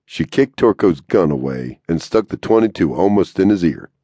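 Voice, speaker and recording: A man narrating a western audiobook in a steady, measured way into a close studio mic. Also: sits low, no room sound.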